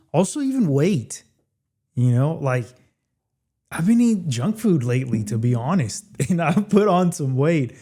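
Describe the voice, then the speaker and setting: A man teaching English phrasal verbs in a casual video lesson, chatty and repeating phrases slowly for learners. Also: a little high, dark tone.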